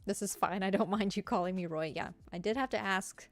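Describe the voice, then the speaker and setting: A woman's voice: mid-range voice, fairly quick, soft background music. Giggly Southern woman chatting to viewers. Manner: chatty and giggly, lots of fillers. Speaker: streamer. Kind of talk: casual chat with live viewers.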